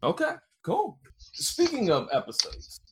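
A man hosting a podcast, asking his guest questions in a relaxed, easygoing way. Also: sits high, measured pace, a little hiss or hum. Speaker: podcast host. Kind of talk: casual interview questions.

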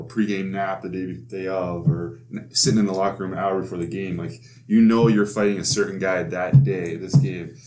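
Podcast host guy, real deep voice, kinda searching for words. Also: darkish tone. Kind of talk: casual interview questions.

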